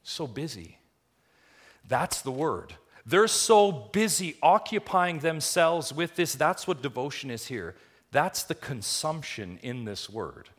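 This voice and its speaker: A man preaching a sermon, emphatic and full of rhetorical questions, swinging between quiet stretches and loud, rising lines. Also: fairly high pitch, animated, a little slow. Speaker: pastor.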